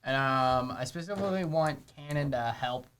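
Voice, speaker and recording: Man, tabletop player, relaxed and decisive. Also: mid-range voice, normal speed, a little hiss or hum. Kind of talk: casual game chat.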